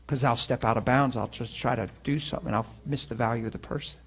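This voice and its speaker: A man's voice: medium pitch, fast, fairly bright tone, husky. A man, a pastor, giving an informal sermon to students in a room and online, telling personal stories in an earnest, conversational way before closing in prayer. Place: room with students present, also streamed online.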